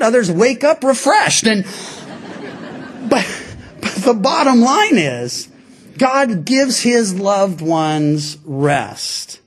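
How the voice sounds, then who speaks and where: A male pastor delivers a sermon to his congregation in a husky, fairly high voice. His pitch swings widely as he tells the story and slips into the voices of its characters. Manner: animated, acts out voices of people in stories. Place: church before a congregation.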